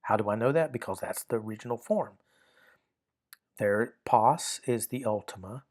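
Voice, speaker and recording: A man's voice: fairly low pitch, normal speed. A man teaching a grammar lesson in a methodical, step-by-step way, often repeating and restarting phrases as he works through examples.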